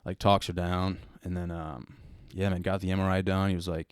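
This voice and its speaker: Young new dude, deep voice, rambly podcast chat, dry sound. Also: male voice, level tone, brisk, clear, resonant tone, no echo. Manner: rambling storytelling with many likes and mans. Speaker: podcast host. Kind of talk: casual chat.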